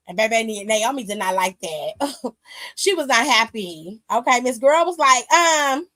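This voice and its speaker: A woman hosting a wrestling aftershow, recapping with sassy, animated and profane storytelling. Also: sits high, moderate pace. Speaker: aftershow host. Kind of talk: casual recap chat. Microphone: streaming mic.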